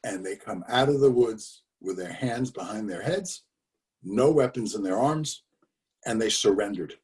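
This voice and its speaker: A man's voice: lowish voice, expressive, measured pace, darkish tone, far from the mic. Older man storytelling on a video call. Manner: conversational storyteller with fillers and emphatic repetitions. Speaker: speaker telling his father's story.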